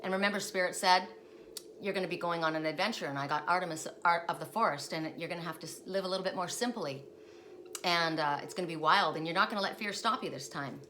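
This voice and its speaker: A woman's voice: fairly low pitch, fast, sharp tone. A woman in a casual, rambling chat as she reads oracle cards, restarting her sentences often. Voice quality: rambling, chatty, with frequent restarts. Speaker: oracle card reader. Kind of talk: casual spiritual card reading. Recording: noisy home recording.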